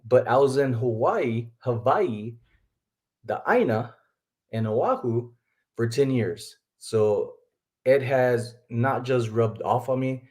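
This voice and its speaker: A man's voice: mid-range voice, lively intonation, slow pace, a little mellow. Male live-stream host, middle-aged, from Texas, rambling and chatty, mid-range voice. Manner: rambling, chatty, laughs often, talks to viewers as folks. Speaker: livestream host, reseller. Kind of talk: casual live-stream chat.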